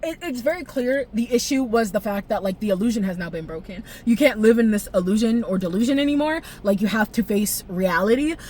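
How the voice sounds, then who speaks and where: A young woman with a fairly high voice talks straight to camera in a loose, excited vlog ramble. She swears freely, laughs between thoughts and leaps up in pitch whenever something moves her. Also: brisk, few pauses, a little hiss or hum. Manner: expressive, profane, laughs often, jumps pitch when excited. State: tearful at times. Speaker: vlogger. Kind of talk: casual animated recap.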